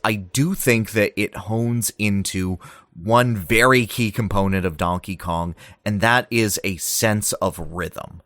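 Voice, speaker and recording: A man's voice: fairly low pitch, a bit bright, dry recording, studio quality. A man hosting a podcast in casual chat, playful and joking. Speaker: podcast host.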